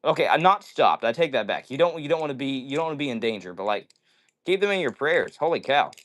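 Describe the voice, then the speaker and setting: A livestream host with a mid-range, fairly bright voice talks fast and animatedly. He reads viewers' comments aloud on a casual stream and answers them in an upbeat way.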